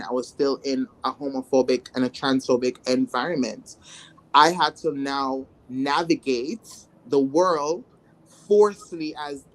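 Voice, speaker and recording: With a low-pitched voice and a little hiss or hum in the audio, a trans woman from Jamaica shares her life story casually. She gets animated, dramatizing her earlier thoughts through exclamations.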